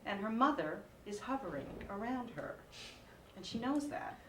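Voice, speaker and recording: Stand-up comedian, woman, 40s, animated and mocking; slightly high voice, recorded at a distance in an echoey room. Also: normal speed, slight background noise. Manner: animated, mocking sing-song voices for her kids.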